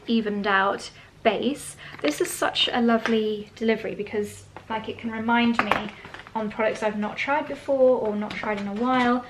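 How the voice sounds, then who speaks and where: A woman's voice: medium pitch, slight background noise, rough recording. A woman hosting her own vlog, chatting casually and gushing as she unboxes gifts. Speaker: vlog host.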